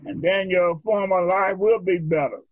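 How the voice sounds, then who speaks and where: A male preacher giving a sermon in a rhythmic, drawn-out style, calling for responses from his congregation. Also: high voice, no room sound. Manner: rhythmic, drawn-out phrasing, leads the congregation in repeating lines. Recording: dull lo-fi recording.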